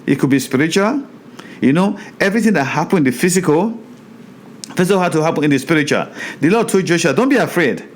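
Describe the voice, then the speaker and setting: A man teaching a Bible study in a sermon style, reading scripture aloud and preaching with animated, repeated phrases. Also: a little high. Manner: slows down over hard place names.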